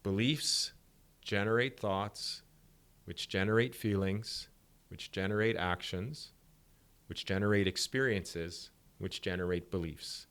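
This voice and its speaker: A middle-aged man with a somewhat low voice speaks as a sport psychologist guest on a podcast. He explains ideas through animated stories, acting out the dialogue as he goes. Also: slow, smooth. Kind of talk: podcast interview.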